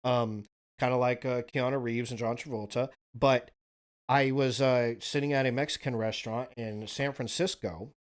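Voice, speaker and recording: A man's voice: mid-range voice, steady tone, normal speed. Laid-back, swearing man telling stories. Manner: rambling, profane, laid-back. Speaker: podcast host. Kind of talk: casual storytelling monologue.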